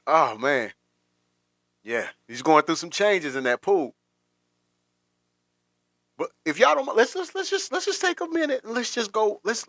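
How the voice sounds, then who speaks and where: A man's voice: on the high side, fairly bright tone, no echo, studio quality. Rambling, laughing livestream host man. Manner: rambling, repeats words, laughs often. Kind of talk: casual commentary on a livestream.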